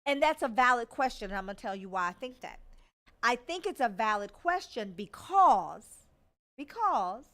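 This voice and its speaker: A woman's voice: on the high side, moderate pace. A woman hosting a talk show, delivering a casual commentary monologue and telling stories with asides to her listeners. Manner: conversational, animated storytelling with asides to listeners. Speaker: podcast host.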